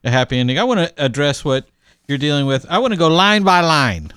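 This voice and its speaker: Podcast co-host, man, emphatic and animated; smooth, resonant voice, dry close mic. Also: fairly high pitch, a little fast, no echo. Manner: emphatic, lively, many restarts and fillers. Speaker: podcast co-host giving advice. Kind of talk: casual advice podcast chat.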